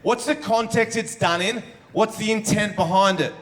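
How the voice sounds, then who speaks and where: A man's voice: high-pitched, moderate pace. A man doing a brash, profane stand-up comedy set on a club stage. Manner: brash, profane, punchy delivery. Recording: live show with loud crowd laughter.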